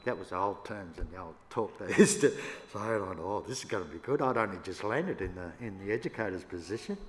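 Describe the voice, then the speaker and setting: An older Australian man, a First Nations elder, telling stories to an audience in a relaxed, yarning way with laughs between them. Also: sits low, fairly quick. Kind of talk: storytelling talk to an audience. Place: church hall. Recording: echoey hall, faint room noise.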